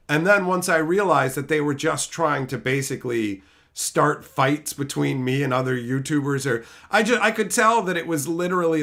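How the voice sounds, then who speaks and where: A man hosting a live stream, reading viewers' names and chatting casually, swearing freely. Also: fairly high pitch. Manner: animated, reads chat names aloud, swears freely.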